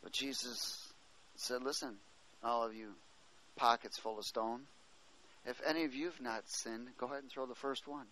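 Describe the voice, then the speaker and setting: A male preacher with a mid-range, steady, bright and forceful voice speaks at normal speed, though the audio is poor. In his sermon he reads scripture aloud, explains it, and calls out to the congregation, "Amen?"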